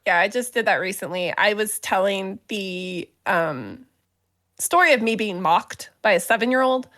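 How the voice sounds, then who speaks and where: A woman's voice: mid-range voice, moderate pace, fairly bright tone. A woman co-hosting a casual podcast chat, telling stories with frequent giggles. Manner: giggly, storytelling. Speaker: podcast co-host.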